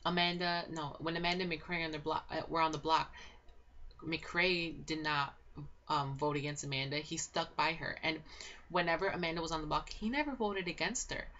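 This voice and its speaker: A young woman giving a casual, gossipy reality show recap, excitable and swearing a lot, with constant filler words. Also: sits low. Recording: dull lo-fi home recording.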